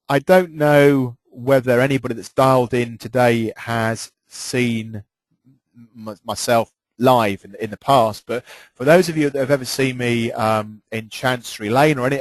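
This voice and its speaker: A man delivering a training webinar on presenting, emphatic and animated, often repeating words for stress. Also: mid-range voice, no room sound, low-quality recording.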